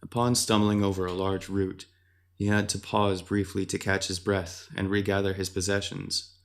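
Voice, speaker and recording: Deep-voiced man narrating a dark fantasy. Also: flat delivery, moderate pace.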